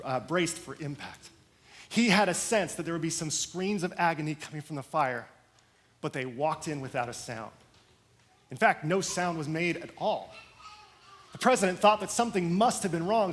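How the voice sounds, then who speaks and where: A male pastor preaches in a storytelling style, leaning into dramatic pauses and shifting emphasis. His voice sits high for a man. The delivery is lively and expressive. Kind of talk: sermon storytelling.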